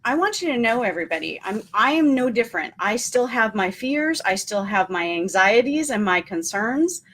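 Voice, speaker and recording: A woman's voice: on the high side, big pitch swings, normal speed, fairly bright tone. A woman hosting a casual live stream, talking in an earnest, encouraging way with frequent ums and repeated key points. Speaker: motivational host.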